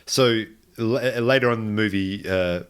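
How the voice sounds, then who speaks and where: Male podcast co-host with a low voice and loose, rambling delivery full of restarts. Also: moderate pace, clean tone. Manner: rambling, chatty, many restarts and tangents. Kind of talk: casual chat.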